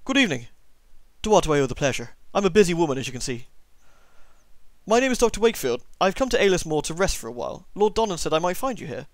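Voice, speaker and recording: A man's voice: a little high, sing-song, quick pace, no echo. A man voicing an older village woman who tells local folklore, reading game dialogue aloud in a put-on accent. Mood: welcoming. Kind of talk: let's play character voicing.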